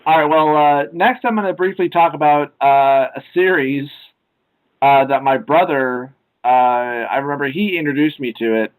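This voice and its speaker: A young man co-hosts a casual podcast chat with a slightly high-pitched voice. He rambles with plenty of filler sounds and throws in loud acted-out quotes. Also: moderate pace, rough recording. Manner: rambling, many filler "uh"s, acts out comic lines loudly. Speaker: podcast co-host.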